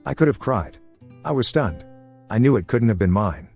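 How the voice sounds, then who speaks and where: A man reading an online story aloud in a casual first-person way, over soft guitar music. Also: medium pitch, expressive, moderate pace, vocal fry. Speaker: story narrator. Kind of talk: reading a reddit post aloud.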